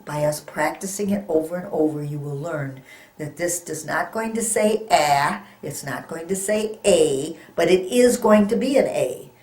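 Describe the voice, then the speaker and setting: Slow, patient woman teaching phonics in an echoey room. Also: low-pitched, animated, darkish tone. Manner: slow, patient, encouraging, sounds out letters. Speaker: reading teacher. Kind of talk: phonics lesson for young children.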